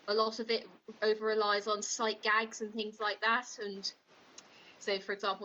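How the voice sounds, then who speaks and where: A woman co-hosting a comedic podcast as the prosecutor, critiquing a film in an opinionated, sharp-tongued way. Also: mid-range voice, lo-fi sound, slight background noise.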